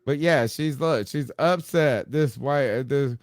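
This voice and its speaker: A man co-hosting a sports podcast, telling stories in a loose, profane, animated way and laughing often. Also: medium pitch, unhurried, dry recording. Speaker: podcast co-host. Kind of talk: casual chat.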